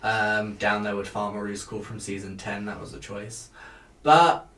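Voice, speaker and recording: A man hosting a casual chat show, talking with hesitant pauses and fillers. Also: fairly low pitch, level tone, fairly bright tone. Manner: chatty, hesitant, lots of fillers. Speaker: podcast host reviewing a TV show. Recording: echoey room.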